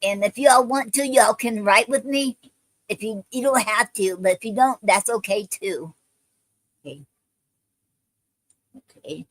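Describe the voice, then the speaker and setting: Slow, halting woman on a live stream. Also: medium pitch, no echo, low-quality recording. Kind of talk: casual live-stream chat, leading a poetry writing session.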